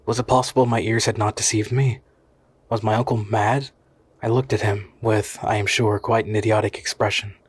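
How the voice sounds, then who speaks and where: A man reading a classic novel aloud in steady, measured narration. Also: on the low side, slightly rough, no echo. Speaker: audiobook reader.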